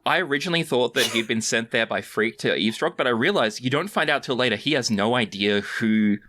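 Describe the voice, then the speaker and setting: Lively podcast guest describing outfits. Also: medium pitch, fairly quick. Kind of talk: casual chat recapping a film.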